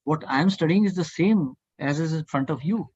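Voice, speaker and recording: Earnest husky man urging devotion. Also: on the high side, brisk, darkish tone, dry recording, lo-fi sound. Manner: earnest, provocative, repetitive urging. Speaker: study group speaker. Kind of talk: devotional scripture class.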